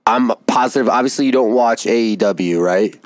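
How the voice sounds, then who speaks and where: A man co-hosting a podcast in casual chat, swearing freely and telling stories with excitement. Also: mid-range voice, moderate pace, no room sound. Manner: swears a lot, excitable storyteller. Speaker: podcast co-host.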